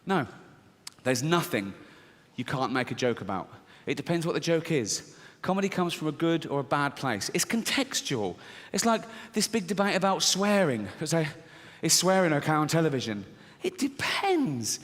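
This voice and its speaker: A man's voice: on the high side, sing-song, normal speed, fairly bright tone. A British man doing stand-up, blunt and brash, laughing at his own jokes and a little out of breath. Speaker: stand-up comedian. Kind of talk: stand-up routine. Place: large theatre stage. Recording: stage mic with hall reverb.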